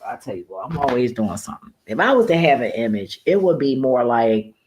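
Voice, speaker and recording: A woman's voice: very deep voice, sing-song, a little fast, a little mellow, slight background noise. A woman vlogger ranting casually to camera in a blunt, profane way, often laughing at her own remarks. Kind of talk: casual rambling rant to camera.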